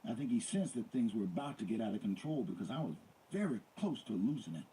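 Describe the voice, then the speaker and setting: Deep-voiced man reading dramatically. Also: big pitch swings, fast, mellow, slightly rough, rough recording. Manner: dramatic, intense. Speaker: audiobook reader. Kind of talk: first-person audiobook reading.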